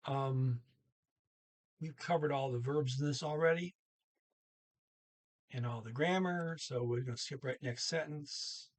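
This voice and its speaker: A man's voice: medium pitch, a little slow, pauses often. A man teaching a language lesson, thinking aloud with many fillers and restarts, speaking.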